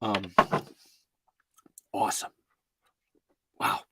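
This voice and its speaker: A man hosting a podcast, chatting casually and excitably, rambling and laughing as he reads listener messages. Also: extremely slow, very noisy. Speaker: podcast host.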